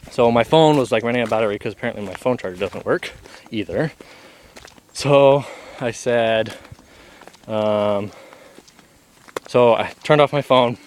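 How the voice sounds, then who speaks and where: A man's voice: mid-range voice, fairly quick. A young man, a travel vlogger, telling a story in a casual, laid-back way, full of "like" and acted-out quotes.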